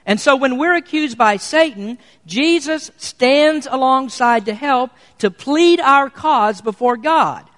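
A man preaching to his congregation, earnest and steady, slowing his delivery to lean on important words. His voice sits notably high for a man. The sound carries a long reverberant tail from a church hall. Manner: earnest preaching, slows for emphasis. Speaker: pastor. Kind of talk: sermon.

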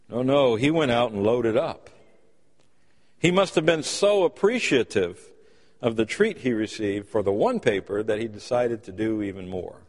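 A man preaching a sermon, telling folksy stories and acting out the quotes inside them. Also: mid-range voice. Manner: folksy storytelling with acted-out quotes. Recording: long hall reverb.

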